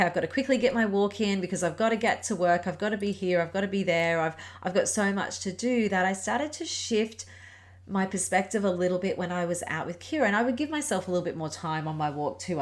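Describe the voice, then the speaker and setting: A middle-aged woman hosting a reflective solo podcast as a Pilates and yoga teacher, speaking in a gentle, earnest and encouraging way. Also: on the low side.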